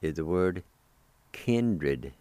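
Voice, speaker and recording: Teaching vocabulary over the radio, this man breaks words into syllables and spells them carefully, staying patient and encouraging with listeners. He speaks in a low, expressive, mellow voice, and there's no room sound.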